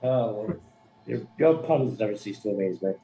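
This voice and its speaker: Animated, teasing man at the table. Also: on the low side, moderate pace, dull audio, faint music behind. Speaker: player. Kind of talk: tabletop role-play chat.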